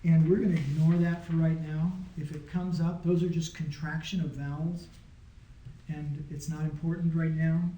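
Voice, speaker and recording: With a slightly high, warm voice and flat delivery at a moderate pace, a man runs an informal Greek lesson for a small class in an echoey room. He is patient and casual, often asking whether his students are keeping up.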